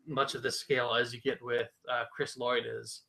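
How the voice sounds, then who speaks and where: A man's voice: medium pitch, normal speed, creaky, crowd noise, rough recording. A man co-hosting a casual podcast, telling a story and acting out the quotes with energy. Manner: animated storytelling, acts out quotes. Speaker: podcast co-host. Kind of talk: casual chat. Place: small room, live podcast.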